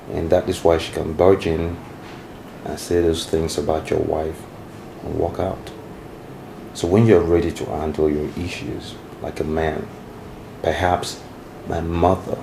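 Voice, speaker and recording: An actor with a Nigerian accent playing a stern, self-assured brother who lectures in a measured way. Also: male voice, rumbling low, gravelly, background noise, exaggerated voice. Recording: echoey room with film music.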